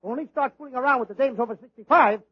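A comedian who talks in a gabby, childlike, blurting way, in 1940s radio comedy on a noisy old broadcast recording. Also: male voice, very high voice, very fast, husky, lo-fi sound.

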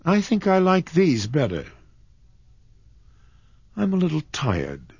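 Brief: man reading as a young heiress, high and husky, sheepish and dreamy, audiobook. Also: wildly swooping pitch, slow pace, a little mellow, no room sound, highs cut off, full character voice. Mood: wistful. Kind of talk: audiobook character voice.

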